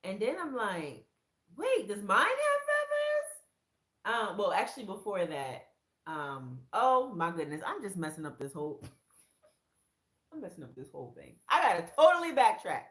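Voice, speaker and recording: A woman sharing a faith testimony from her room in casual, excited storytelling. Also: normal speed, reverberant. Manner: excited storyteller who acts out quoted lines in a much higher voice. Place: her own room, indoors.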